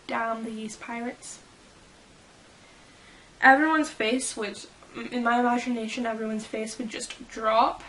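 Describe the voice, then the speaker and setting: A woman's voice: fairly high pitch, fairly even intonation, unhurried, a bit bright, slight background noise. A woman chatting casually as a fan vlogger, reading fan fiction quotes aloud and giggling about how people would react. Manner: giggly and playful.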